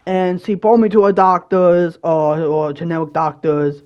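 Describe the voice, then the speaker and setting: A young man hosting his own channel, telling a personal story in a rambling, casual way, with many fillers and restarts and occasional bursts of loud exasperation. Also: fairly high pitch, flat delivery, normal speed, clear, resonant tone, lo-fi sound. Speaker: channel host.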